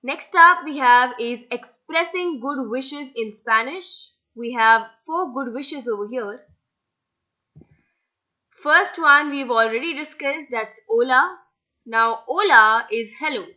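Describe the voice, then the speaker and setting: A young woman tutors a beginner Spanish lesson from slides, patiently spelling words out letter by letter. Her high-pitched voice is slow, pushed and bright, with dull audio.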